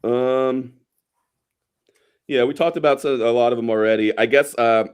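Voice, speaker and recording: A man's voice: medium pitch, steady tone, normal speed, smooth. A man co-hosting a casual movie podcast, rambling and wry, swearing casually as he picks apart scenes. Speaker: podcast co-host. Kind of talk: casual movie review chat.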